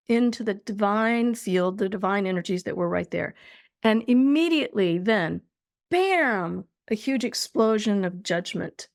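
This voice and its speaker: A woman guest on a podcast, recounting a spiritual experience in a slow, earnest, deliberate way. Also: mid-range voice, creaky, no echo, clean studio sound.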